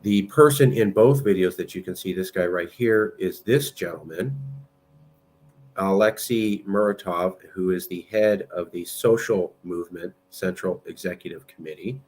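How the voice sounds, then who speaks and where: Low-voiced man, combative political talker, blunt and argumentative. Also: moderate pace, a little mellow. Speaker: political movement president. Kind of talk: political commentary with screen share.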